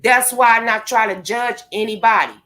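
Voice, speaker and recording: A woman's voice: a little high, fairly even intonation, normal speed, pushed and bright. A woman ranting angrily and profanely straight into her computer microphone. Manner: angry, profane, confrontational. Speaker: vlogger. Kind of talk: heated direct-to-camera rant. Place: indoors at a computer.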